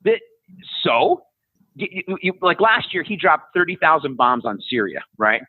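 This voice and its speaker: A man's voice: big pitch swings, normal speed, no room sound. Blunt, profane man in his fifties on a tinny line. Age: 50s. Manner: blunt, profane, sarcastic, mocks with high-pitched impressions. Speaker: podcast guest. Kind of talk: ranting casual conversation.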